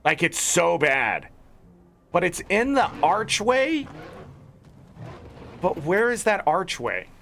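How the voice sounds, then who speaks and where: Young gamer guy, high gravelly voice, cussing and ranting while he plays, bright edge. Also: sing-song, takes it slowly, long pauses, slight background noise. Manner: profane, ranting and exasperated. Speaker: gaming streamer. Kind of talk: casual gameplay commentary.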